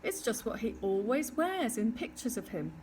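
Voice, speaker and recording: Woman doing a little girl, bossy, know-it-all, lively voice, storybook, faint room ambience. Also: fairly high pitch, normal speed, slight background noise. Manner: know-it-all, matter-of-fact. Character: bossy, proud little schoolgirl. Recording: distant mic with faint ambience.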